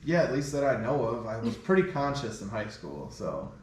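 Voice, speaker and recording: A man's voice: medium pitch, moderate pace, far from the mic. A man hosting a loose, profane podcast chat, acting out everyone in his story. He sits back from the mic in a very echoey room. A faint hum is heard behind him. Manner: crude, animated storyteller acting out quotes. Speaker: podcast host.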